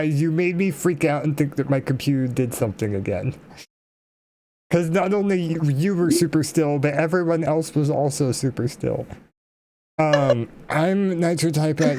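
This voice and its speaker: A man chatting excitedly about his upcoming tabletop campaign, rambling with restarts. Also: mid-range voice. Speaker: player, game master of another show. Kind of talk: casual chat.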